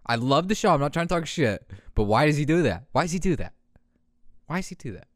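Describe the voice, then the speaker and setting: A man's voice: on the high side, lively intonation, quick pace, no room sound, clean studio sound. A young man hosting his own podcast, rambling in casual profane talk and laughing at his own jokes. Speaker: podcast host. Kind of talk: casual solo podcast rant.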